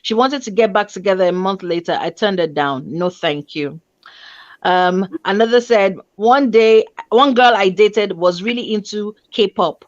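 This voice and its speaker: A woman's voice: medium pitch, unhurried, no room sound. Woman reading stories, dry dull audio. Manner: animated, laughing, teasing asides. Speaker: show host. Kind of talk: casual chat, reading listener stories aloud. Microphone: video call stream.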